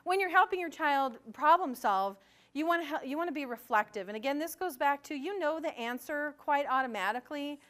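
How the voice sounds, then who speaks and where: A woman's voice: sits high, fairly bright tone. A middle-aged woman presenting a parent workshop in a conversational way, acting out bits of dialogue. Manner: conversational, acts out quoted dialogue. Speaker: gifted education administrator presenting to parents. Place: school meeting room.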